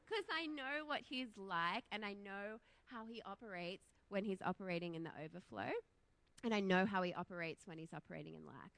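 A woman's voice: mid-range voice, a bit bright. A woman in her thirties from Australia with an Australian accent, preaching a casual, chatty sermon in a church, laughing often and poking fun at herself.

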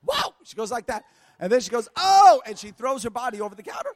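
A man preaching a storytelling sermon at a church service, lively, laughing often and breaking into shouts. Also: high-pitched, quick pace, no room sound. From United States.

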